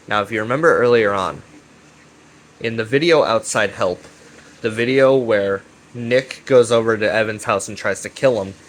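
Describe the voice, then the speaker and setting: A man giving a casual, rambling recap of a web series. He is excitable and profane, repeats himself, and keeps checking in with "right?". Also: fairly low pitch, slight background noise. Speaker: YouTube commentator.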